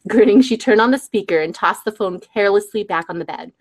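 A woman author on a show, reading aloud from her own novel in a lively, chatty way. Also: mid-range voice, brisk. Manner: lively, chatty, laughs between passages. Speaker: guest author.

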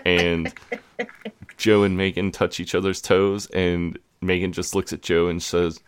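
A man's voice: low-pitched, little pitch movement, unhurried, smooth. A British man co-hosting a podcast, telling a TV plot in a dry, matter-of-fact way. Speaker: podcast co-host. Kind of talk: casual chat recapping a TV episode.

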